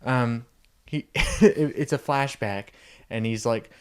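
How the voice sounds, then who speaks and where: A man rambling through an improvised comedy story for a podcast, his voice at an ordinary middle pitch. He laughs often and keeps restarting his sentences. It sounds like a small handheld recorder. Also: takes it slowly, a little mellow, smooth. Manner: rambling, laughing, jumps into squeaky character voices. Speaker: podcast co-host.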